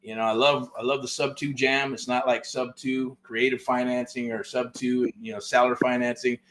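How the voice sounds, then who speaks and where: A man's voice: mid-range voice, little pitch movement, normal speed, a bit bright. A middle-aged man, hosting a real estate show and telling a story in loose, profane casual talk, full of "right?" and "man.".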